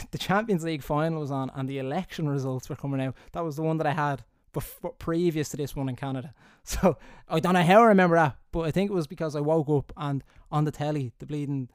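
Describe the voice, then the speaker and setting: A man's voice: fairly high pitch, clear, resonant tone, no echo. A young Irish man telling stories casually into a close mic, rambling, laughing and swearing as he goes. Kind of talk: casual anecdotal storytelling. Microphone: close studio mic.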